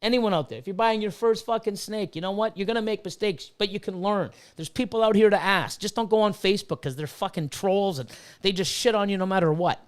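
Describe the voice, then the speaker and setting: Middle-aged man, higher-pitched voice, heated and profane casual stream rant. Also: brisk, smooth. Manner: profane, heated, repetitive ranting. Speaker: livestream host and reptile breeder.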